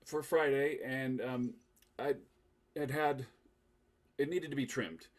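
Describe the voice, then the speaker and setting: A man's voice: medium pitch, steady tone, slow. Playful male podcast host. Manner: playful, asks the group questions, laughs often. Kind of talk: casual group chat.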